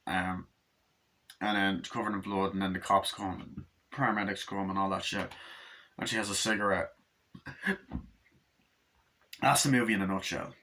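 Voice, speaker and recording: A man's voice: lowish voice, bright, forceful tone, rough recording. A man recapping a movie in a rambling, profane way, full of fillers and restarts. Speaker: movie reviewer.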